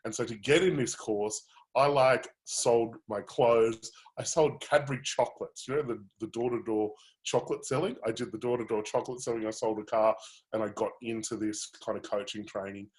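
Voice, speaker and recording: During a live webinar, a male coach tells his own story candidly and with animation. He speaks at normal speed and an ordinary middle pitch, with plenty of fillers and restarts.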